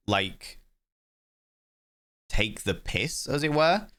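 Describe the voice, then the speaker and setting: Guy, game streamer, lower voice, rambling casual chat. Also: moderate pace, fairly bright tone. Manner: chatty, rambling and self-mocking. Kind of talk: casual live-stream commentary.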